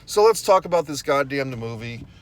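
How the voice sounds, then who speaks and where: A man's voice: medium pitch, expressive, normal speed, slight background noise. A man vlogging outdoors, telling a story in a blunt, profane, exasperated way straight to his viewers. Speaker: YouTube vlogger. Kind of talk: casual rant to camera.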